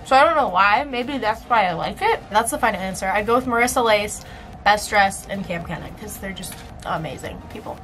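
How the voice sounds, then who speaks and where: A woman's voice: mid-range voice, animated, a little fast, a bit bright, soft background music, low-quality recording. A young woman vlogging in a casual, chatty way, with plenty of filler words and laughs. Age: young adult. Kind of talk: casual chat.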